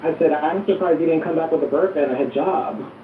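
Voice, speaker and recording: A participant in a casual group voice chat, sassy and teasing, with campy, quick jokes. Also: mid-range voice, noisy background. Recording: tinny, echoey phone audio from far off.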